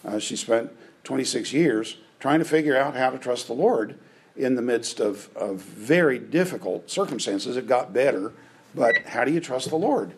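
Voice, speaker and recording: A man's voice: medium pitch, expressive, moderate pace, vocal fry, slight background noise, rough recording. A man preaching a conversational sermon, often checking in with his listeners. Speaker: pastor.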